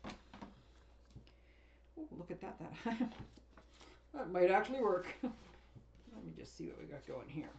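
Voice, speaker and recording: A woman's voice: fairly low pitch, sing-song, slow pace, pauses often, darkish tone, highs cut off, a little hiss or hum. A woman craft demonstrator chatting casually as she unboxes and sorts a paper craft kit, rambling and often laughing.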